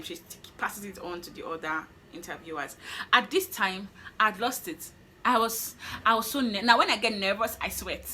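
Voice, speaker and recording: A young woman with a Nigerian accent telling a personal story on her vlog in an animated way, laughing and acting out what she thought at the time. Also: medium pitch, slight background noise. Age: young adult. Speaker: vlogger.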